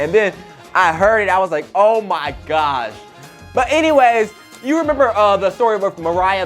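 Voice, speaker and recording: A young man hosting a talk show, telling rambling gossip stories with lots of fillers. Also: high-pitched. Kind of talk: casual gossip storytelling.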